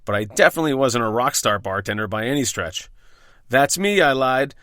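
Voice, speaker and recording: A man's voice: mid-range voice, quick pace, bright, forceful tone, no room sound, clean studio sound. A man reading out his own bar stories, wry, profane and self-deprecating. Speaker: podcast host telling his own bartending stories. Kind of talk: scripted first-person storytelling.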